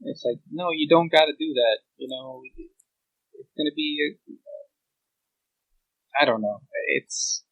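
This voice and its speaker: A man's voice: a little high, measured pace, long pauses, fairly bright tone, no room sound, rough recording. A man guesting on a podcast, chatting casually and giving earnest opinions. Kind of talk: casual chat.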